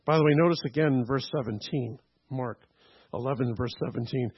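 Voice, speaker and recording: A man's voice: mid-range voice, moderate pace, husky, highs cut off. A man preaching a teaching sermon, checking in with "okay?" and "right?" as he explains. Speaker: pastor.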